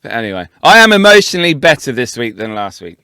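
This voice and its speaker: A man's voice: mid-range voice, big pitch swings, quick pace, sharp tone, clear, resonant tone, no room sound, studio quality. A middle-aged father co-hosting a podcast, laughing often and joking crudely. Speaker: podcast co-host. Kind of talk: casual banter.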